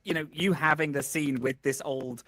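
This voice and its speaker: Hesitant man with a fairly high voice. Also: fairly even intonation, moderate pace, fairly bright tone. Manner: hesitant, many "um" and "uh" fillers. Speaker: tabletop game player. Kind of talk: casual post-game chat.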